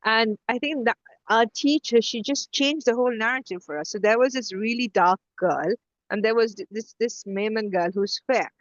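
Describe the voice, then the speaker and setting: A middle-aged woman co-hosting a podcast, telling stories in a casual, animated way with many restarts. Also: fairly high pitch, normal speed, no echo, dull audio. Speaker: podcast co-host. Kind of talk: casual conversation.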